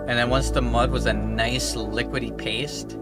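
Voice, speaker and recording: A man's voice: medium pitch, little pitch movement, normal speed. Rambling, swearing young man streamer. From Minnesota. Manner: rambling, profane, loose. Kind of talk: casual chat while gaming. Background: loud music.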